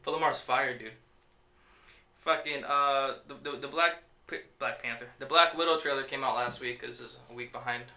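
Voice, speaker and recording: A man's voice: medium pitch, steady tone, moderate pace, bright, forceful tone. A man hosting a podcast in casual chat, rambling and cursing, stumbling over names. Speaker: podcast host. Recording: echoey room.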